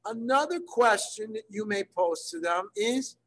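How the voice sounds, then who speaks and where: A man teaching library staff in an online workshop, checking in often with his class and slowing down to model phrases. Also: high voice, animated, fairly bright tone, rough recording. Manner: checks in often, gives examples slowly. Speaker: Spanish instructor for library staff.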